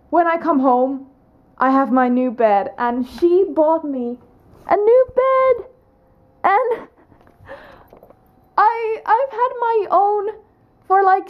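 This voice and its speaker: A young woman vlogger telling a personal story to camera in a chatty, rambling way, full of restarts and "like". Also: sits high.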